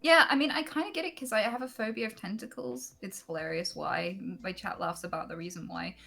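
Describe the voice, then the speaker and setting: Bright-voiced woman in her thirties. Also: mid-range voice, brisk, creaky. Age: 30s. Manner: animated storyteller, acts out reactions. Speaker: guest streamer. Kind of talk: casual chat on a call.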